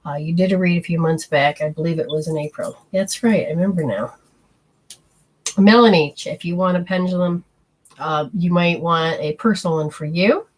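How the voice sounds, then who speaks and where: A woman's voice: on the low side, rough recording. A woman hosting a live energy-healing show, chatting and reading viewer comments aloud. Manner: chatty, meandering, gives hands-on instructions.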